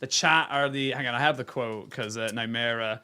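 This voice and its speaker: A man's voice: medium pitch, moderate pace, bright, forceful tone, clean tone. A man casting a live esports broadcast, chatting and joking with his co-caster and thanking the viewers. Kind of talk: casual live esports commentary.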